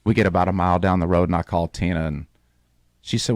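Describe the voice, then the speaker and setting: A man's voice: sits low, quick pace, no room sound, studio quality. A man hosting a radio show, telling a long story in casual talk and acting out the voices of the people in it. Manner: animated storyteller, acts out quoted voices.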